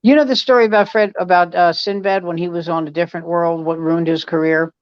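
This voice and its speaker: A man's voice: high voice, fairly even intonation, a little fast, clean tone, no room sound. Older man, comedian host, storytelling, acts out voices, dull dry sound. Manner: anecdotal, acts out dialogue. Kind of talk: casual storytelling chat.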